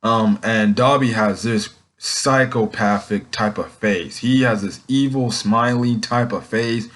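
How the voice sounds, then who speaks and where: A man recapping a comic chapter in a loose, rambling way, filling pauses with "um" and "essentially" as he goes. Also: on the low side, a bit bright. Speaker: manga chapter reviewer. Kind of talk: casual unscripted recap.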